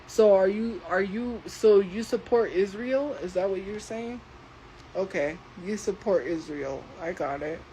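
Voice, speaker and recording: A woman livestreamer talking slowly and deliberately as she defends herself against commenters in her chat. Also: medium pitch, dark tone, slight background noise, poor audio. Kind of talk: live stream talking to chat.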